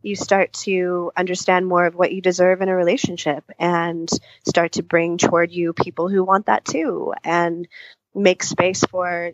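A woman's voice: on the low side, level tone, measured pace, no room sound, dull audio. A woman couples therapist answering interview questions at length, thoughtful, often voicing what clients might say to themselves. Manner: thoughtful, explains at length with spoken-out inner voices.

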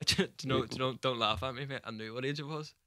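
A young man with a Northern Irish accent, talking quickly and laughing easily as he hosts a loose podcast chat. His voice is close and dry, with no room sound. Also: mid-range voice, pushed and bright, dry recording. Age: 20s. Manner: laughing, joking banter. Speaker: podcast host. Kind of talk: casual chat.

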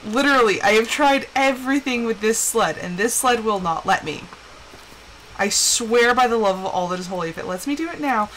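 A woman game streamer with a high, bouncy voice that swings all over the place, chatting with her viewers and erupting into theatrical, exasperated protests. A clear layer of background noise sits under her voice. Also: animated, brisk, fairly bright tone, rough recording. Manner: dramatic, exasperated outbursts; chatty asides to chat. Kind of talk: live gameplay chat with viewers.

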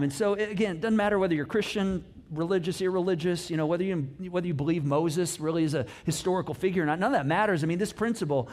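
In a chatty, relaxed sermon, a middle-aged pastor with a high-sitting voice animates his story with jokes and playful asides. His pitch and loudness swing widely, from loud emphasis down to near-quiet musing.

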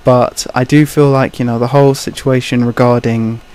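A man's voice: medium pitch, little pitch movement, moderate pace, darkish tone, clear, resonant tone. A man giving casual opinion commentary over gameplay, rambling and hesitant, full of "you know" and "kind of," with awkward laughs between points. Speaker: gaming commentator.

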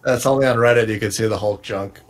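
A man's voice: lowish voice, steady tone, fast. A young man co-hosting a podcast, chatting casually and explaining ideas in an easygoing way. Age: young adult. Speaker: podcast co-host. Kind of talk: casual comedic chat.

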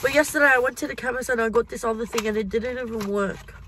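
A woman's voice: fairly high pitch, quick pace, noisy background. A young woman talking casually to her camera in a vlog, chatty and swearing freely. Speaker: vlogger. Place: car in the city.

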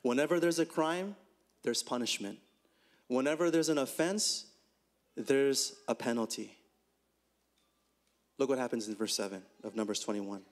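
A man preaching a conversational sermon, asking rhetorical questions and swinging his pitch up and down as he talks. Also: moderate pace, pauses often. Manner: animated, rhetorical questions, swings between high and low pitch. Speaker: pastor.

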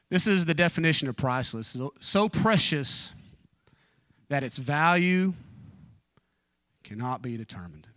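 A man in his forties preaching an evening church sermon, telling personal stories informally with joking asides, and dropping low and fervent in prayer. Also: fairly bright tone, no room sound, studio quality. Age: 40s.

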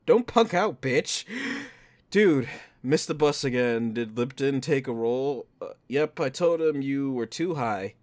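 A man's voice: mid-range voice, animated, slow, a little mellow. A man doing casual let's-play commentary, reading text messages aloud, laughing often and swearing freely. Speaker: gaming YouTuber.

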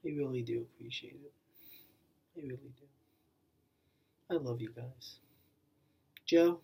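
A young man speaking to camera in a heartfelt thank-you vlog, his voice soft and husky with a breathy edge. He keeps circling back to the same simple phrases, and his voice wavers and chokes up. The delivery is plain and sincere, never polished. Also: mid-range voice, unhurried. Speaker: channel owner.

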